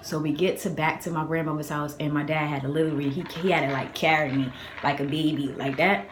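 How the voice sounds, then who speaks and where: A young woman from the Boston area telling a storytime vlog on her phone, chatty and animated with lots of fillers. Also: sits low, fast talker, echoey room, very noisy. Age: young adult. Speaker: vlogger.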